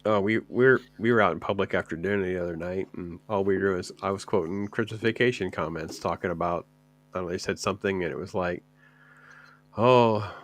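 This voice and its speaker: A man's voice: sits low, fast talker. A man hosting a podcast in an upbeat, easygoing way, trading stories with his co-hosts. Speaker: podcast host. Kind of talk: casual chat.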